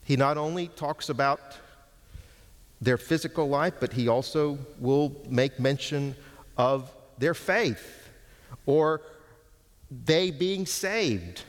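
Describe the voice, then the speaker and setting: A man's voice: mid-range voice, in a large hall. A man preaching an expository sermon, teaching with emphatic stress on key words.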